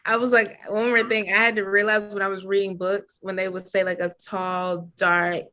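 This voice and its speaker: Young adult woman, casual panel guest, bright relaxed voice. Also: mid-range voice, normal speed. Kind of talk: casual chat.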